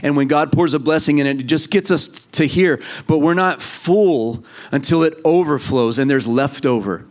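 A man's voice: fairly high pitch, moderate pace, hardly any pauses. A man preaching a sermon to a congregation in a conversational way, acting out the voices of the people in the story. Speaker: pastor.

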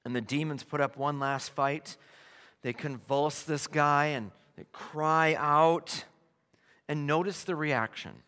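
A man preaching a sermon, emphatic and animated, dropping to hushed tones and then rising to loud declarations. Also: a little high, slow, clear, resonant tone. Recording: long hall reverb.

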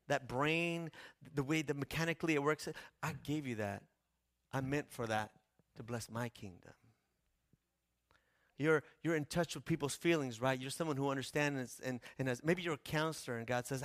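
Guy preaching a sermon, gets quiet then loud, repeats himself for effect, dry close sound. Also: medium pitch, moderate pace, no room sound. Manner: impassioned, swinging from hushed to loud; repetitive preaching cadence. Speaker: pastor.

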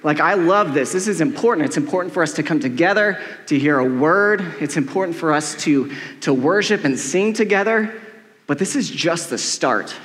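Middle-aged male pastor, high voice, chatty and joking sermon, echoey hall. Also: expressive, moderate pace, fairly bright tone. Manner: casual, joking, heavy use of "like". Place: church hall with long reverb. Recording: echoey church hall with long reverb.

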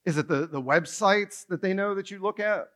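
Male pastor, high voice, lively conversational sermon full of rhetorical questions. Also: moderate pace.

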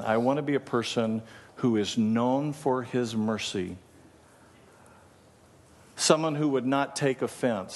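A male pastor preaching in a church sanctuary. He tells stories and then leads the congregation in prayer. His voice is mid-pitched, and it carries the long reverb of a large hall. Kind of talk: sermon.

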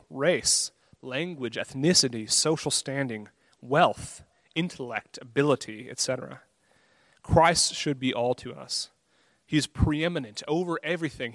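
A man's voice: on the high side, fairly bright tone, no room sound. A man preaching a sermon, earnest and conversational, acting out his own inner thoughts with a self-deprecating touch.

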